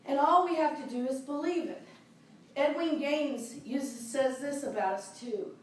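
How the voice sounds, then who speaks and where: A middle-aged woman minister preaches in a chatty, enthusiastic way, laughing as she goes. Her voice is high. It is picked up from far off in a very echoey church, with a faint hum of room ambience behind it. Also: unhurried. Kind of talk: sermon. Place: church sanctuary. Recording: very echoey, distant mic in a church.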